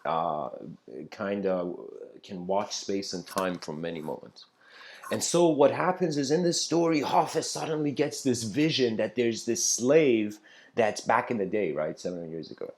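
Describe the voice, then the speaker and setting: A man's voice: lowish voice, normal speed. A man giving a spiritual talk, retelling an old story in a loose, conversational way with many fillers and restarts.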